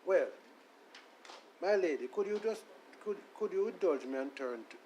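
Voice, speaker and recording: A man, a lawyer making a deferential, measured legal argument in court and reading his submissions aloud. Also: high voice, animated, a little mellow, dull audio, a little hiss or hum. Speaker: defense attorney.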